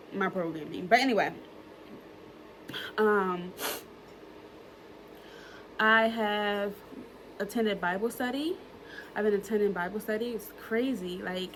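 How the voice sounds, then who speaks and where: A woman's voice: mid-range voice, background noise. A woman, talking in an earnest, emotional way in a personal reflection vlog, using plenty of fillers and repeating herself. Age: early 30s. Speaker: vlogger.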